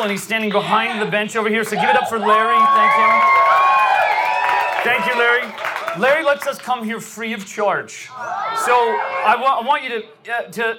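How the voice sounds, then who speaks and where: A man giving an energetic, joking sermon to a live crowd, often calling out loudly. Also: high voice, very noisy. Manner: loud, animated, joking with the crowd. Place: large venue with live audience.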